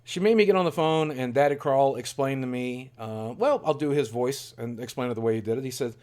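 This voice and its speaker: A man's voice: mid-range voice, a little fast, darkish tone. A man in his forties telling a candid, rambling personal story in a self-deprecating way. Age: 40s. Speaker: YouTuber.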